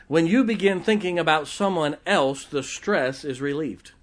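A man's voice: a little high, moderate pace. A man preaching a sermon as pastor, telling folksy stories and joking with his congregation.

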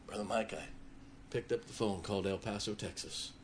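A man preaching, telling a personal story with emotion and dropping his voice low in tender moments. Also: steady tone, brisk, a little hiss or hum. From Ohio. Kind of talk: sermon storytelling.

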